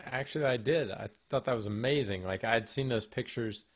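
A man's voice: mid-range voice, moderate pace. A man co-hosting a casual tech podcast, easygoing and a little hesitant. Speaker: podcast co-host.

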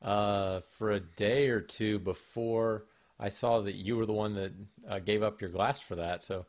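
A man's voice: fairly low pitch, fairly even intonation, measured pace. A man co-hosting a casual tech podcast, easygoing and a little hesitant. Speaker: podcast co-host.

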